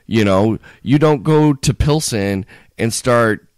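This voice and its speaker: A man's voice: medium pitch, slow pace, clear, resonant tone, no room sound, clean studio sound. A man co-hosting a podcast, rambling in casual chat with many restarts. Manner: rambling, restarts often, animated. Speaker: podcast co-host.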